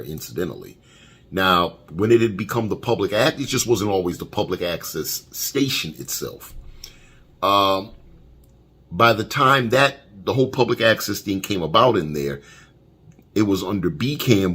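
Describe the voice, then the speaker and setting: A man thoughtfully recalling a past broadcast in an interview, pausing as he remembers. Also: sits low, fairly bright tone, husky. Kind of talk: reflective retrospective interview.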